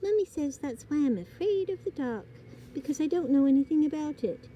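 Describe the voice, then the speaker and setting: Woman doing a high, earnest baby barn owl boy. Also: animated, fairly quick, warm tone, lo-fi sound, slight background noise. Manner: earnest, innocent. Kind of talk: storybook reading.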